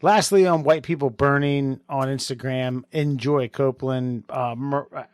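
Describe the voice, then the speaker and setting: A man co-hosting a podcast who reads listener comments haltingly, with fillers along the way. His voice sits at a middle pitch. The recording is dry and close. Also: steady tone, darkish tone, dry recording. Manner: halting reader, many fillers and throat clearing. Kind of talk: casual chat.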